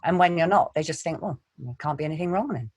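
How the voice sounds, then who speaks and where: A woman, an actor, telling stories in a quiet, measured way in an interview. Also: low-pitched, lively intonation, breathy edge, dry recording, highs cut off. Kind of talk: interview answers.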